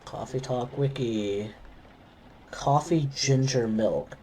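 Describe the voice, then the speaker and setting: A man's voice: mid-range voice, takes it slowly, rough recording. A man streaming a game live, muttering exasperated reactions to himself. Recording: loud background noise.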